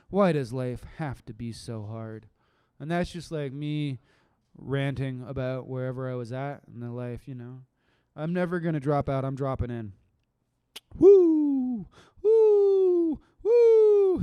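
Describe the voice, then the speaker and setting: A man performing his own poetry on a live stream, chanting lines slowly and swinging from loud declaiming to quiet, rambling asides. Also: a little high, clear, resonant tone, no echo, studio quality. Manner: rambling and laid-back between poems.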